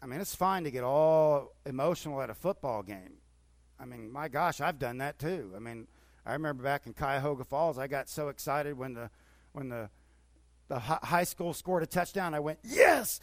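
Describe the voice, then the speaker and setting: A man's voice: mid-range voice, normal speed, no room sound. A middle-aged male pastor preaching conversationally, with repeated surges of enthusiasm. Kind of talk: sermon.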